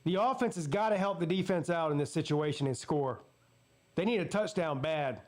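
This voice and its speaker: Excitable southern football fan streamer. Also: male voice, moderate pace. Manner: excitable play-by-play, jumps up in pitch on big plays. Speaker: sports streamer host. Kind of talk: live watch-party commentary.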